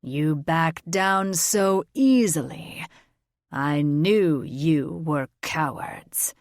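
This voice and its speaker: A gruff, domineering dragon king, voiced by a woman reading an audiobook. He speaks slowly and loudly with a rough edge, in a dry, close recording. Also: fairly low pitch, dry recording. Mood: blustering. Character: blustering, hot-tempered male dragon king. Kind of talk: audiobook character voice.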